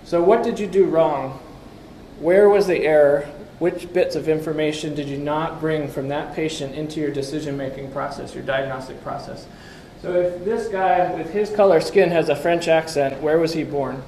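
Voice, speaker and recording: A man's voice: fairly high pitch, normal speed, dark tone, slight background noise. A man giving a conversational lecture with slides, asking the audience questions and tossing in wry asides. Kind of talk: conference talk with slides. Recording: echoey room, faint background ambience.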